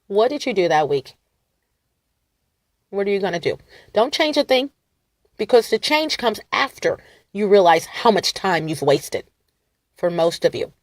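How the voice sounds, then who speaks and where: A woman vlogger rambling to her viewers, animated and defiant, laughing and swinging between loud and soft. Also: medium pitch, a little slow, pauses often, no echo, studio quality. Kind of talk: rambling talk to camera.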